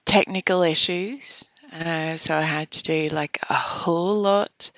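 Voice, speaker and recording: A woman's voice: deep voice, steady tone, a little slow, a bit bright, no room sound. A woman hosting a casual livestream, rambling with fillers and frequent giggles. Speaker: livestream host. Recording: dull lo-fi stream audio, dry.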